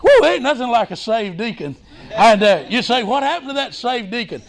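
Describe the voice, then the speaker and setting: A man preaching a revival sermon as a missionary, fervent and exclaiming glory and hallelujah, breaking in with "hey, listen" and sudden shouts. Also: extremely high pitch, big pitch swings, moderate pace.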